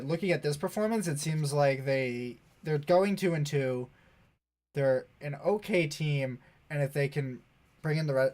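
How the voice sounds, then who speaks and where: A man's voice: medium pitch, darkish tone. A man co-hosting a casual esports podcast, chatting offhandedly and swearing now and then. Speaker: podcast co-host. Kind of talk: casual chat about esports.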